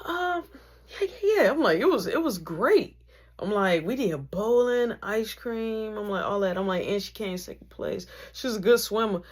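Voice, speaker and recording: Woman storyteller, husky voice, plays every character, hushed to loud. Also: fairly high pitch. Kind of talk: animated storytelling.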